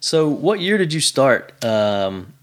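A man's voice: medium pitch, very animated, takes it slowly. A man hosting a podcast interview, asking short questions and dropping encouraging interjections. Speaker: podcast host. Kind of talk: casual interview.

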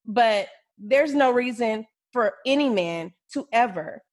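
A woman's voice: a little high, animated, takes it slowly. A woman in her twenties co-hosting a podcast in casual chat, speaking frankly and bluntly. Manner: frank and blunt, with many restarts. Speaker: podcast co-host.

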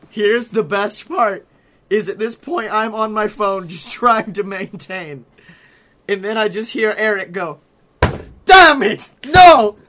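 A young man co-hosting a podcast, telling a story in casual chat, animated and profane, laughing as he acts out what others said. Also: high voice, slight background noise. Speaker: podcast co-host.

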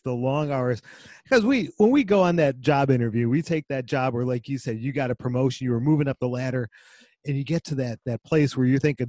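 A man's voice: mid-range voice, normal speed, warm tone, no room sound. A male podcast host with an upbeat, encouraging, chatty manner. His voice sits in a middle range and sounds dry and close, with no room around it. He interviews a guest on a business show.

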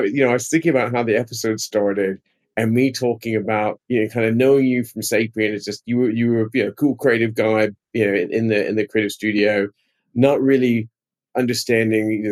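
A man's voice: lowish voice, a little mellow. A man with a British-tinged accent hosting a casual interview podcast, chummy and rambling. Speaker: podcast host.

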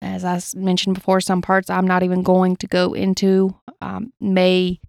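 A woman's voice: on the low side, monotone, moderate pace, darkish tone, no echo, studio quality. A woman co-hosting a true crime podcast, reading from a case account with blunt personal asides. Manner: reads gravely, adds blunt asides. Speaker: podcast co-host.

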